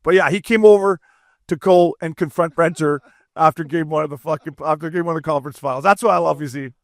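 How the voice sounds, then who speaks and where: A man hosting a podcast, telling a story in casual, profane chat and loudly quoting others. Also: on the high side, fast talker, no room sound, studio quality.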